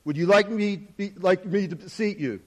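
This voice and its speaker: A man's voice: high voice, moderate pace. A man voicing a polite, smiling restaurant host in a spoken story, formal and courteous.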